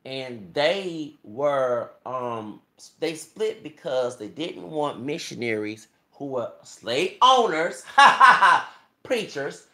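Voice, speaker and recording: A Texas man with a gravelly Southern voice holds forth at length, emphatic and preachy, stacking up scripture as he goes. His mid-pitched voice bounces around a roomy, echoey space. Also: very animated, slow pace, bright, forceful tone. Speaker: YouTuber. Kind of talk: impassioned monologue. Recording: echoey room.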